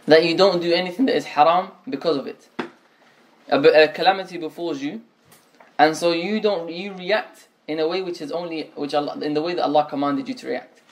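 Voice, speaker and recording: Man, religious lesson, explanatory, fairly high-pitched, repeats himself. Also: brisk. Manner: explanatory, repeats and restates phrases, mixes Arabic terms. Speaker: Islamic teacher.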